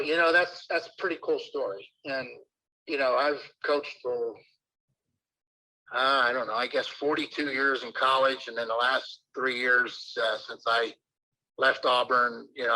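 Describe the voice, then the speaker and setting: An older man, a baseball manager, telling rambling anecdotes full of fillers in a relaxed interview. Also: medium pitch, moderate pace, rough recording.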